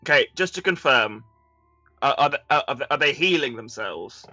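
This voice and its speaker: A man's voice: medium pitch, animated, moderate pace, sharp tone, no room sound, highs cut off, soft background music. A man playing a tabletop game, asking questions and making wry jokes. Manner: joking, wry. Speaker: player. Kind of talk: casual chat at a game table.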